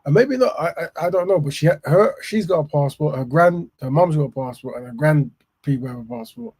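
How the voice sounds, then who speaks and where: Mellow husky-voiced male podcast host. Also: on the high side, animated. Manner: measured, hesitant, stammering restarts. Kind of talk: podcast discussion.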